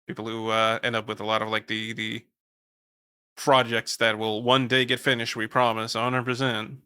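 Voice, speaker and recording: A man's voice: fairly low pitch, monotone, normal speed, bright, forceful tone, smooth. A young man from the Netherlands with a Dutch accent, chatting casually on a stream and rambling while reading chat. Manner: rambling, swears casually, reads chat aloud.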